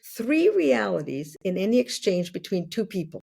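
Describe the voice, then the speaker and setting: A woman in her sixties, a podcast guest, explaining ideas through worked examples in a relaxed conversational way. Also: medium pitch, moderate pace, creaky, slightly rough. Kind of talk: conversational interview.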